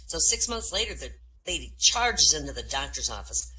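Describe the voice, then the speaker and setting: A woman comedian telling jokes in an animated storytelling manner, slipping into character voices, in an online voice room. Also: very deep voice, fairly quick, few pauses, slight background noise, poor audio. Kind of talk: stand-up joke telling.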